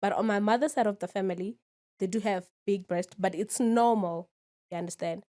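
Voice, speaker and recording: A woman in her twenties, appearing as a guest on a podcast, speaks briskly in a warm, mid-range voice. In this casual interview she talks candidly and keeps asking "you understand?" to check in with the listener.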